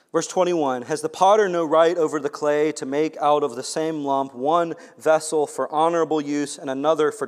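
A man preaching a sermon in animated fashion, swinging between hushed, quiet passages and loud, emphatic ones. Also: on the high side. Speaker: pastor. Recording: long hall reverb.

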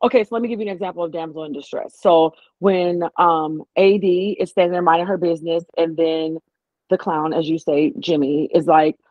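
A woman chatting casually as co-host of a reality-show recap, opinionated and animated, slipping into voices when she quotes people. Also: lowish voice, normal speed, no room sound. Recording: dull lo-fi audio.

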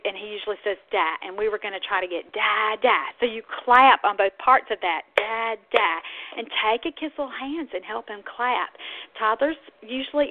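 A woman speech-language pathologist hosting an instructional podcast, explaining patiently and acting out toddler sounds now and then. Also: mid-range voice. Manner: warm, explanatory, models toddler sounds in a sing-song way. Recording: phone-like narrow audio.

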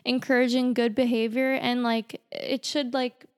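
A woman's voice: fairly high pitch, flat delivery, measured pace, smooth. A young woman co-hosting an advice podcast, chatting casually with many filler words. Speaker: podcast co-host. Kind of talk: casual chat.

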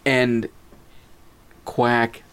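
A man's voice: medium pitch, drawn-out words, clear, resonant tone. A man casually telling a funny story, acting out quotes and laughing as he talks. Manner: animated, acts out quotes, laughs while telling.

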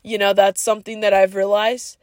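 A woman's voice: medium pitch, level tone, brisk, darkish tone, dry recording, studio quality. A woman hosting a podcast, giving a casual but earnest, preachy monologue full of "like" and slang such as "yo" and "bro". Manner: frequent "like" fillers. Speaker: podcast host.

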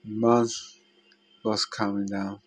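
A man talks through his own past in a husky voice. He speaks slowly and pitches a little low, breaking off and restarting as he goes. His halting, emotional delivery makes it sound like a confession. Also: flat delivery, rough recording. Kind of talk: personal confessional storytelling.

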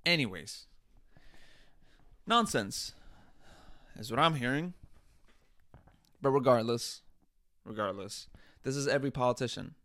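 A man's voice: mid-range voice, lively intonation, a little slow, long pauses, sharp tone, dry recording. Exasperated man ranting, profane. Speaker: podcast host. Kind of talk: comedic commentary.

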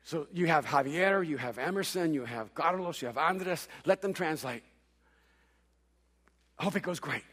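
A man preaching a sermon, telling a story with playful humor and quick stammered restarts. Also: a little high, animated, fairly bright tone. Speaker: pastor. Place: large hall with long reverb. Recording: echoey hall reverb.

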